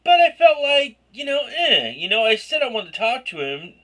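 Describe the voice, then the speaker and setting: A man telling an embarrassing story in a casual vlog rant, rambling and excitable, often bursting into loud shouts. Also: very high-pitched, normal speed. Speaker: vlogger.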